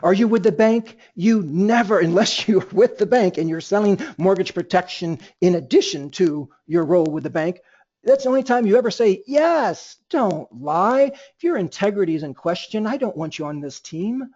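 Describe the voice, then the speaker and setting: A man's voice: sits high, animated, moderate pace, darkish tone. A man running a sales training webinar, talking energetically and acting out both sides of phone calls. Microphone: computer mic on a webinar. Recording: dull lo-fi webinar audio.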